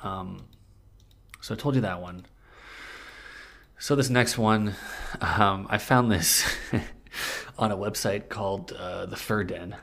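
A man with a low, gravelly voice co-hosts a podcast in loose, crude banter. He jokes freely and laughs often. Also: slow pace, pauses often, fairly bright tone. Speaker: podcast co-host. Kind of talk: casual comedic chat, reading fan fiction aloud.

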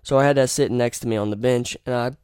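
A young man hosts a podcast, rambling through profane stories and blunt opinions in a casual monologue. He talks fast in a mid-range, darkish voice that's clear and resonant, with fairly even intonation. The studio-quality recording has no room sound.

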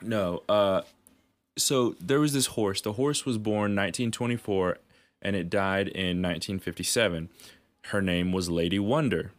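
A man's voice: sits low, normal speed, a little hiss or hum. A man co-hosting a podcast, telling rambling stories in casual chat, swearing freely and laughing at himself. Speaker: podcast co-host.

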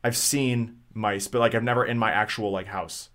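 A man's voice: fairly low pitch, steady tone, normal speed, fairly bright tone. Rambling, swearing young man telling a story. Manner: rambling, profane, many fillers and restarts. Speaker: podcast co-host. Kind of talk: casual storytelling chat.

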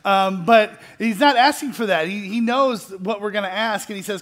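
A man's voice: high voice, moderate pace, few pauses, fairly bright tone. A middle-aged male pastor preaching a sermon in a conversational, self-deprecating way, with restarts and light laughs, building to earnest emphasis.

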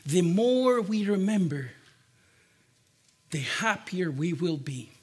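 A man preacher giving an animated children's sermon, repeating himself and talking directly to the kids. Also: high-pitched, takes it slowly, slightly rough.

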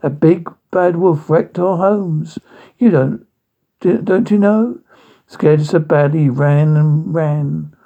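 A man's voice: fairly high pitch, slow, vocal fry, narrow, tinny audio, full character voice. A man doing dopey, whiny pig brothers. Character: dim-witted lazy male pig brothers.

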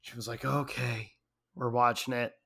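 A middle-aged man in casual chat, telling a story in an animated way and laughing often. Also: medium pitch, normal speed, gravelly.

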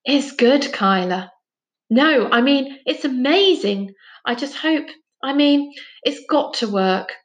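A woman's voice: high-pitched, lively intonation, takes it slowly, lo-fi sound, pitched above the performer's own voice. A woman voicing an anxious, earnest boy in a children's story. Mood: urgent. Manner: urgent and earnest.

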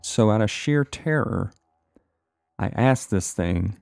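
A man telling a personal story of a frightening vision, halting and repeating words as he goes. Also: lowish voice, lively intonation, vocal fry, a little mellow, clear, resonant tone.

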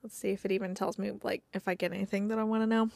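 A woman's voice: mid-range voice, very fast, vocal fry, no echo. Gushing woman, dry close mic. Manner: excited, gushing, retells scenes with lots of "like" and laughs. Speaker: podcast host recapping movies. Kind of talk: casual movie recap chat.

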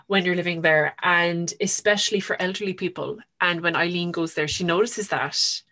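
A chatty woman co-hosting a casual book podcast. Her voice is lowish for a woman, with a bright, forward tone. She retells stories eagerly, full of fillers along the way. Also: fairly even intonation, moderate pace. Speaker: podcast co-host.

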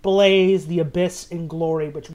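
A man hosting a casual film podcast, reading out award nominees with dry, deadpan jokes. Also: on the high side, measured pace. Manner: wry, deadpan jokes, reads out lists. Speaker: podcast host.

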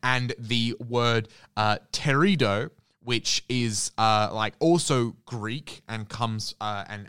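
A man's voice: medium pitch, a bit bright, clear, resonant tone, no room sound, studio quality. A man co-hosting a podcast in casual chat, rambling enthusiastically with lots of restarts. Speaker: podcast co-host.

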